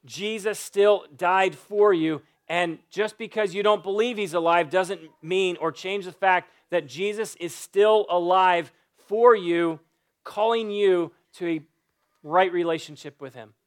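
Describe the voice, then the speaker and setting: A pastor with a fairly high voice, a man who preaches with earnest, pleading insistence. He drives his points home by repeating phrases, and his sermon moves into prayer. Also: measured pace, clean tone. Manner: earnest, pleading, repetitive emphasis.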